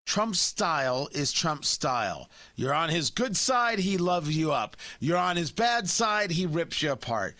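A man's voice: on the high side, very animated, measured pace, few pauses, bright, forceful tone, no echo. A man hosting a talk radio show, giving opinionated, mocking commentary from a studio microphone.

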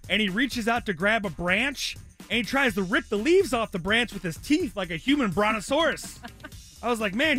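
A man on a radio show telling a fast, enthusiastic story against the clock until he is out of breath, speaking from a studio isolation booth. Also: very high voice, bright, forceful tone. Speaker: radio show regular running the board. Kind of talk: casual radio chat and timed storytelling. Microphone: studio mic in an isolation booth.

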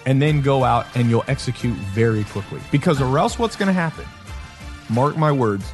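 A man hosting a podcast in casual chat, telling stories with lively acted-out quotes. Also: medium pitch, moderate pace, music in the background. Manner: animated storyteller who acts out quotes and laughs. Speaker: podcast host.

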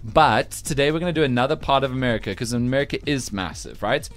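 A man hosting a radio breakfast show, teasing and lively, with quick asides. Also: medium pitch, soft background music.

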